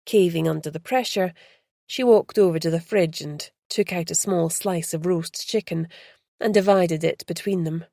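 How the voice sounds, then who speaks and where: A woman narrating an audiobook in a steady, measured way. Her voice sits low and has a gravelly fry. The recording is close and completely dry. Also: no room sound. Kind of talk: scripted narration.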